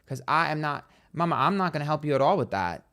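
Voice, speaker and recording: A man hosting a psychic livestream, telling stories in a sassy, dramatic, profane way, speaking quietly on a train. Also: fairly high pitch, sing-song, fast, smooth. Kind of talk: casual livestream chat.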